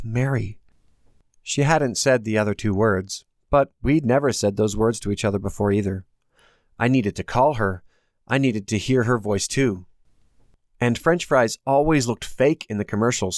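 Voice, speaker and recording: A man's voice: on the low side, normal speed, no room sound, clean studio sound. A man reading his own novel aloud as a first-person audiobook, in a plain, earnest storytelling manner.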